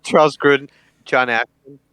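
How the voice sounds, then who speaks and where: A man chatting between turns of a tabletop game, his voice bright and forward. He laughs a lot and swears freely as the talk wanders off topic. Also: medium pitch, steady tone, normal speed, poor audio. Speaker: player. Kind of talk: casual chat between players.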